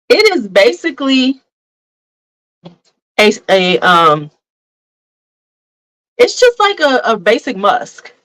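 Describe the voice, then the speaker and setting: Frank woman host, casual perfume-review vlog talk, chatty and direct, medium pitch. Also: fairly bright tone, rough recording. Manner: blunt, frank, chatty, addresses viewers as "y'all".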